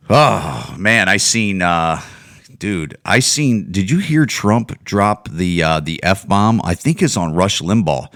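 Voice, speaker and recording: A man's voice: lowish voice, sharp tone, dry recording, studio quality. A man hosting a podcast, ranting casually with lots of swearing and restarts. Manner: profane, rambling, many restarts. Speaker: podcast host. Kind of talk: casual rant.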